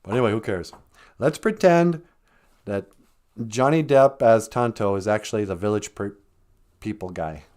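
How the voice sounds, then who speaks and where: A man's voice: lowish voice, normal speed, long pauses, a little mellow. A man from Minnesota, telling a loose, joking, rambling story on a live stream.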